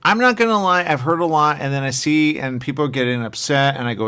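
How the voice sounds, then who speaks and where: A man's voice: a little high, quick pace, bright, forceful tone, smooth. A man hosting a radio show, rambling in casual chat, trailing off and coming back to the same stock phrases. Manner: rambling, trails off, repeats "there you go".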